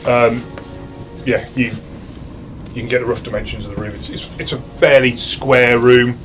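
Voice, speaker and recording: A British man narrates a tabletop game as dungeon master, talking casually and stopping to restart his sentences. His voice sits at an ordinary middle pitch. Clear music plays underneath him. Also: fairly even intonation. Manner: casual, halting, lots of restarts and fillers.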